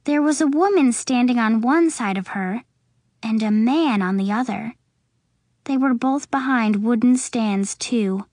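Slow, expressive woman reading a storybook. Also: on the high side, no echo, clean studio sound. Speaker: audiobook narrator. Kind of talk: storybook narration.

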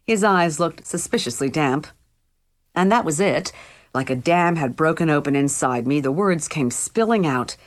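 Woman reading a first-person story, low voice, wry and chatty, audiobook narration. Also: lively intonation, normal speed.

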